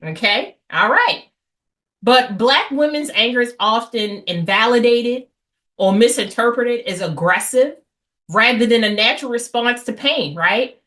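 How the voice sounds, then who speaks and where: A woman hosts a class on healing after infidelity, delivering a lively lecture to an audience in a bright, forceful, slightly high voice. She's expressive and measured in pace, speaking bluntly and with animation, throwing in asides and mock voices.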